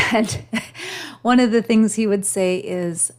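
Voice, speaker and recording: A woman's voice: mid-range voice, slow. A middle-aged woman hosting her own podcast, telling a personal story in a heartfelt, emotional way. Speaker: podcast host.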